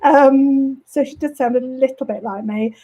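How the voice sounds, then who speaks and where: Woman author, mild brummy accent, bit hoarse, chatty with loads of ums, highish mellow voice. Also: measured pace, rough recording. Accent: mild Birmingham. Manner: chatty, frequent ums and self-corrections. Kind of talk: casual interview chat. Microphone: home studio setup.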